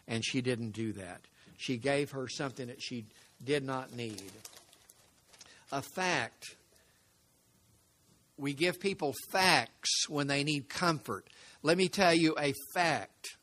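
An older man preaching a sermon, telling stories and asking rhetorical questions, swinging between emphatic and hushed. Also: medium pitch, takes it slowly, long pauses. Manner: conversational storytelling with rhetorical questions.

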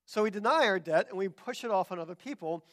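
A man preaching a sermon, animated and often acting out the voices of people he quotes. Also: high voice, fast talker. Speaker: pastor.

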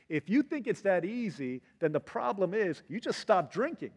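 A middle-aged man preaching a sermon as pastor, animated and acting out quotes in different voices. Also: high-pitched, moderate pace, husky. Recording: long hall reverb.

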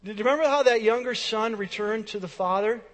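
A man's voice: high voice, brisk. A man preaching a sermon to his congregation, emphatic and repetitive, with his volume rising and falling. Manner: emphatic preaching with repeated phrases and swings in volume. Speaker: pastor. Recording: long reverb of a large hall.

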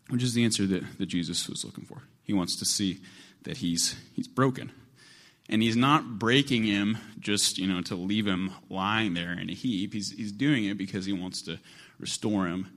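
A male preacher delivers a sermon in a relaxed, conversational way. His voice sits on the low side. He repeats phrases and stacks them to build his point. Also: normal speed. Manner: conversational, repetitive, building emphasis.

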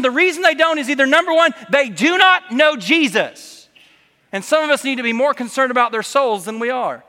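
A man preaching a sermon in a church, in an animated way, acting out voices when he quotes people. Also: extremely high pitch, big-room sound. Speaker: pastor. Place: church sanctuary.

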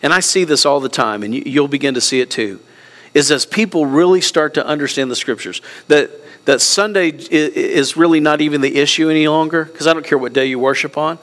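A middle-aged man preaching a sermon as pastor, earnest and emotional, close to tears, swinging between soft passages and raised ones. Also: on the high side, a little fast.

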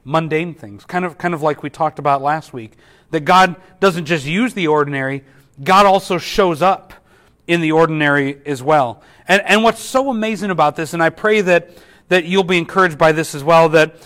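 A man's voice: on the high side, moderate pace. A man preaching a sermon as a pastor, earnest, often repeating words as he restarts. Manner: earnest, repeats words at restarts, drops softly for quoted whispers.

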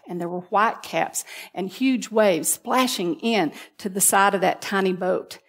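Woman preaching an earnest sermon. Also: mid-range voice. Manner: earnest, storytelling delivery.

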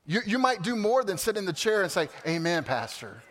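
A male pastor preaching a sermon, swinging from loud exclamations to quiet, casual asides. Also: high voice, sing-song, fairly quick, a little hiss or hum. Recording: hall reverb.

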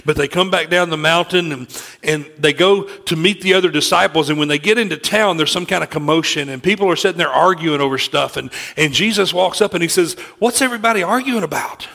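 A man's voice: fairly high pitch, a little fast, gravelly, bright, forceful tone. A middle-aged man preaching a sermon, telling a personal story in an earnest way and often restarting his sentences.

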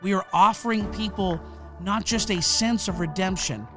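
A man's voice: sits high, moderate pace, over music. A man hosting a podcast, delivering a fired-up, emphatic, preacherly monologue into a close mic. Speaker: podcast host.

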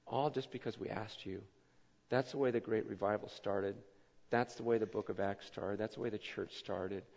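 A man preaching a sermon as pastor, telling stories with much repetition and swinging between loud excitement and hushed earnestness. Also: mid-range voice, gravelly. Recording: muffled hall recording with long reverb.

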